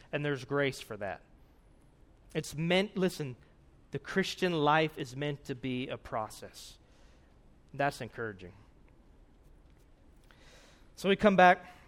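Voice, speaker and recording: A man delivers a sermon in a relaxed, conversational way, with a voice sitting a bit higher than most men's. He keeps checking in with his listeners and leans into the scripture he reads aloud, lifting his emphasis as he goes. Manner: earnest, conversational, frequent "right?" asides. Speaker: preacher.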